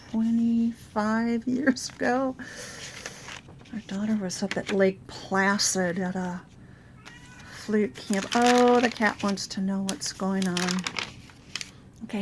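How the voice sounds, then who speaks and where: A middle-aged woman with a raspy voice from a sore throat, chatting casually through her craft project with many fillers. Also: mid-range voice, a little mellow, a little hiss or hum. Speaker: crafting channel host. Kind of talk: casual show-and-tell craft video.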